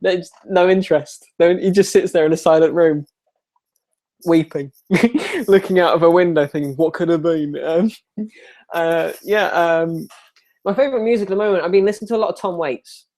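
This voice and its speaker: Speaking at a moderate pace, a young man with a high, slightly mellow voice takes viewer questions live as a YouTuber. He's relaxed and chatty, tends to ramble, and often puts himself down.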